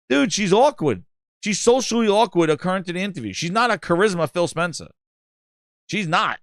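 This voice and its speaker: A man's voice: sits high, big pitch swings, brisk, dry recording, studio quality. A man hosting a gaming channel, rambling and mocking in casual, profane commentary.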